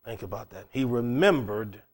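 With an expressive, medium-pitched voice at normal speed, a man delivers a sermon as pastor. His preaching is dramatic, moving from loud proclamations to quiet asides while asking the congregation rhetorical questions.

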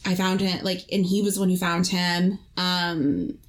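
A young woman from Canada, a podcast co-host, telling a personal story in casual chat with halting, rambling speech. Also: lowish voice, steady tone.

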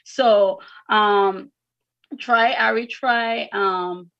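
A woman's voice: mid-range voice, fairly even intonation, extremely slow, gravelly, highs cut off. A woman educator answering interview questions earnestly, often repeating words as she finds them. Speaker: educator and academy founder.

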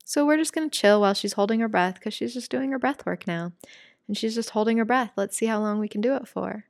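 A young adult woman teaching a guided breathwork lesson, calm and soft-spoken, then candid and casual as she explains. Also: fairly high pitch, fast, gravelly, dry recording, clean studio sound.

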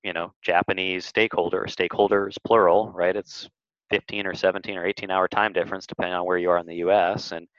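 Male podcast guest, very low voice, animated storyteller, dry dull audio. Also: fast talker, no echo. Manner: animated storyteller, acts out quotes. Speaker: guest, marketing agency head. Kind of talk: casual interview talk.

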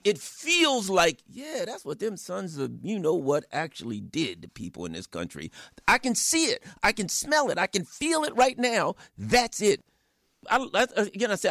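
A man's voice: high voice, a bit bright, dry recording, studio quality. A middle-aged man giving fiery, angry political commentary, full of rhetorical questions and mocking quoted voices. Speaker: radio guest commentator.

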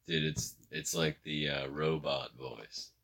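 Very deep gravelly man, bright edge. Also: slow. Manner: relaxed, teasing, short replies. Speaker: podcast co-host. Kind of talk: casual podcast chat.

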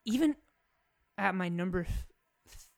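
A man's voice: high-pitched, expressive, measured pace, creaky. A young man co-hosting a casual movie chat, playful and slangy, joking with his friend. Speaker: podcast co-host.

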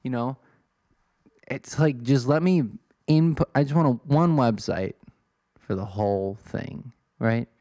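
A man's voice: medium pitch, a little slow, long pauses, dark tone, no echo, clean studio sound. Rambling self-deprecating young man. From Illinois, USA. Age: 20s. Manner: self-deprecating, swears, wanders off topic. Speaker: podcast host. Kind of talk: casual rambling monologue.

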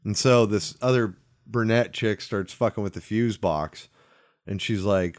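A man chatting casually about a film, his voice sitting at an ordinary middle pitch. He retells scenes with energy and plenty of profanity, jumping between his own voice and the characters'. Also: a little slow, a little mellow, dry recording. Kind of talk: casual movie chat.

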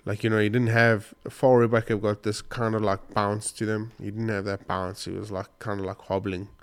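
Here a male vlogger's lowish, smooth voice moves fairly quickly with a level tone. He rambles through a hunting tale for the camera, choked up and sniffly, restarting his lines in a casual, emotional retelling.

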